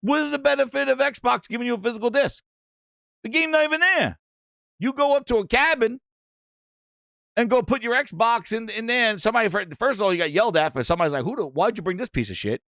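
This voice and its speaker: A man's voice: very high voice, brisk, gravelly, dry recording. Male podcast host, profane live-stream rant, dry close sound. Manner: animated, profane, reads chat aloud.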